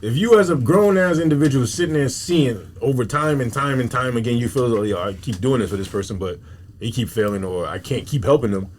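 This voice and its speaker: A man's voice: mid-range voice, a little fast, a little mellow, a little hiss or hum. A man from Newark, a comedian guest, talking bluntly in streetwise slang on a casual podcast, acting out what people say. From Newark, New Jersey.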